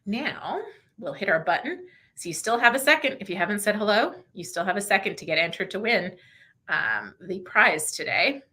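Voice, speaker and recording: A woman hosting a casual livestream, chatty and quick to laugh, who answers viewer questions and reads passages aloud to show how to narrate. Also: medium pitch, lively intonation, bright, forceful tone. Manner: chatty, laughs often, demonstrates slow audiobook reading. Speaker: livestream host.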